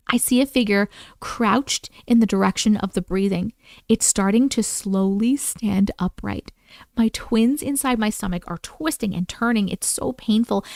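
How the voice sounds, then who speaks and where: A woman hosting a live stream, reading viewer stories aloud and reacting with animated exclamations and swearing. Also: fairly high pitch, gravelly, no room sound.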